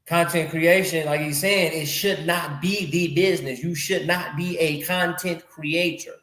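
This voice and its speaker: Male podcast host, higher-pitched, slangy and animated, repeats phrases, echoey room. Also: measured pace. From North America. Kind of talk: casual conversation.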